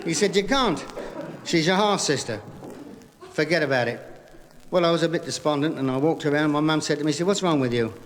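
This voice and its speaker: A man doing stand-up comedy, telling joke after joke in a brisk patter full of "he said", recorded live on stage. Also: fairly high pitch, a little hiss or hum. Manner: rapid gag patter with repeated "he said". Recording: live vinyl recording in a hall with audience laughter.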